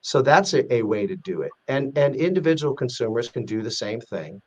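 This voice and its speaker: A man, a guest being interviewed, explaining his points in an earnest, measured way with frequent restarts. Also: medium pitch, expressive, a little mellow. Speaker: guest, president of an advocacy group. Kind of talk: podcast interview.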